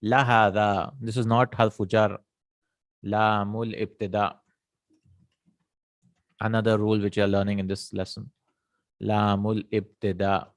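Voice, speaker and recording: A man teaching an Arabic grammar lesson, explaining slowly, repeating terms and checking with "right?". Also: lowish voice, level tone, no echo.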